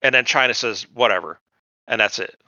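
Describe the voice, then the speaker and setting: A man's voice: medium pitch, lively intonation, fairly quick, bright, forceful tone, dry recording, highs cut off. A man from the United States co-hosting a podcast, rambling through casual chat with lots of profanity and digressions. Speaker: podcast co-host.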